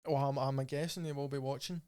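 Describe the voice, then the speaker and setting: A man's voice: medium pitch, fairly even intonation, fast, darkish tone, no room sound, studio quality. A man with a Scottish accent hosting a podcast, reading listener questions in an easygoing, laughing way. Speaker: podcast host. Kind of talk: casual podcast chat. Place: podcast studio.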